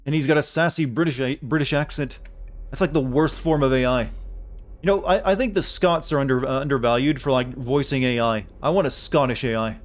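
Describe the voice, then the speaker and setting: A man's voice: mid-range voice, brisk. A man doing casual gaming commentary as a streamer, rambling and joking as he thinks aloud.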